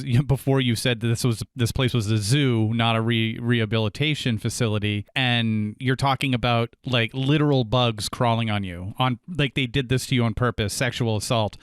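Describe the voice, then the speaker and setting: A man's voice: mid-range voice, smooth, dry recording, studio quality. A man hosting a podcast, reacting to a guest with sympathy and indignation, often restarting his sentences. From USA. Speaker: podcast host. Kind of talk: interview reaction.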